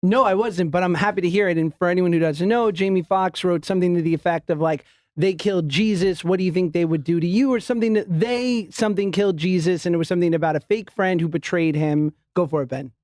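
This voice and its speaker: A man hosts a podcast in loose, playful chat, tossing in quick jokes and laughing often. His voice is a bit higher than most men's. It is recorded close and dry on a studio mic. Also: a little mellow, dry recording. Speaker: podcast host.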